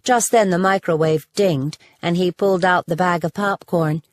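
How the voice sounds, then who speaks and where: Low-voiced woman narrating an audiobook. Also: steady tone, normal speed, no echo.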